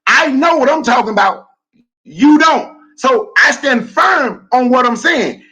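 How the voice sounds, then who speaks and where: Loud, combative man with a husky voice. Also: extremely high pitch, animated, a little slow, low-quality recording. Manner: loud, combative, repeats questions. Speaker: podcast co-host. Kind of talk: heated debate.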